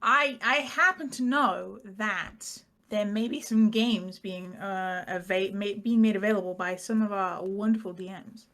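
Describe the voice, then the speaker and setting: Bright, chatty British woman. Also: mid-range voice, a little slow, hardly any pauses. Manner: rambling, self-mocking, laughs often. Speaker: player giving the recap. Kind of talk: casual tabletop game chat.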